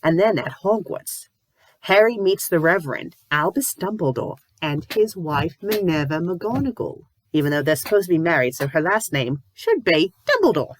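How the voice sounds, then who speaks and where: A woman with covid reviewing fanfiction in a comedic, exasperated rant, sometimes breaking into shouts. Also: fairly low pitch, sing-song, moderate pace. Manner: exasperated, ranting, bursts into shouting; says "bloody" often. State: sick with covid, a little loopy.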